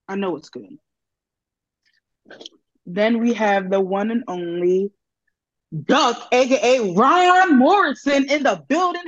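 A woman's voice: fairly high pitch, no echo, dull audio. Playful hype woman hosting a podcast. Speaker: stand-in host. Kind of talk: casual podcast chat.

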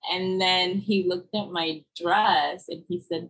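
A woman's voice: fairly low pitch, steady tone, normal speed, hardly any pauses, fairly bright tone, breathy edge, rough recording. A young woman designer telling her story in a casual podcast interview, full of fillers like "like" and "you know". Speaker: fashion designer guest.

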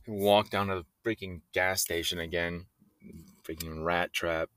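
A man's voice: sits low, steady tone, unhurried, long pauses, sharp tone, clean tone, dry recording. A young man telling a rambling story in a casual monologue, swearing freely and breaking into laughs. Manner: rambling, profane, often laughing. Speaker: voice-message storyteller.

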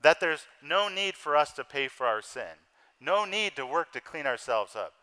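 A man in his thirties preaching an earnest sermon with a bright, forceful tone. His voice is clear and smooth, and it swells and drops in loudness and speed as he drives his points home. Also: on the high side, very animated, normal speed, low-quality recording. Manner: earnest preaching with wide swings in loudness and pace. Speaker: pastor.

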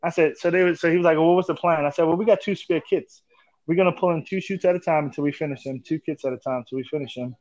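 Animated man telling stories, lo-fi sound. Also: on the high side, fast, no room sound. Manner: animated storyteller, laughs often, swears casually. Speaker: podcast host. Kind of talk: casual chat. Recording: dull lo-fi dry sound.

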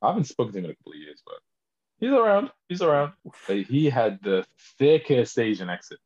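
A man's voice: medium pitch, fast talker, highs cut off. A man, co-hosting a casual podcast and telling stories with lots of laughter. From northern England. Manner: animated storyteller, laughs often. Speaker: podcast co-host. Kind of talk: casual chat.

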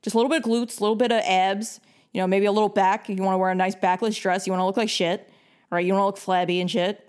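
A woman's voice: medium pitch, steady tone, fast, a little mellow, clear, resonant tone. Blunt, foul-mouthed young woman lecturing. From New York. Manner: blunt and heavily profane; bossy, lecturing. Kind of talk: casual advice rant.

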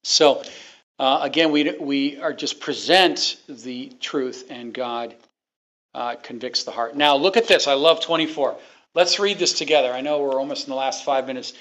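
A man's voice: medium pitch, moderate pace, a bit bright. A man preaching a sermon to his congregation, emphatic and repeating his points, asking the people questions. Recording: dull lo-fi recording.

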